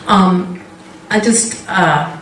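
Woman, faith testimony, unhurried delivery, rambling and self-interrupting, recorded from a distance. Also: fairly low pitch, a bit bright, slight background noise. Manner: rambling, self-interrupting storyteller who laughs often. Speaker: Christian speaker sharing a testimony. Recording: roomy, distant mic.

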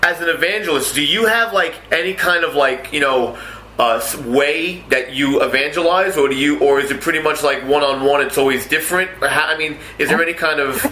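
Male podcast host, bright tense voice, eager and rambling. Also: fairly high pitch, fairly quick. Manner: enthusiastic, filler-heavy. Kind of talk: casual interview chat.

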